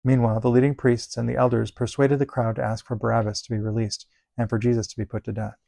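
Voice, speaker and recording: Gravelly man reading scripture. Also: medium pitch, dry recording. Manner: measured, even read-aloud delivery. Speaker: Bible reader.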